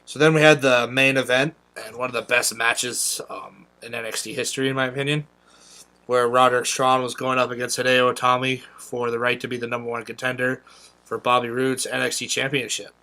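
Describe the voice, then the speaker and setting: A man's voice: mid-range voice, little pitch movement, brisk, pushed and bright. A young man co-hosting a podcast, talking enthusiastically with many ums and uhs. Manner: enthusiastic, lots of filler words. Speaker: podcast co-host. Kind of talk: casual podcast chat.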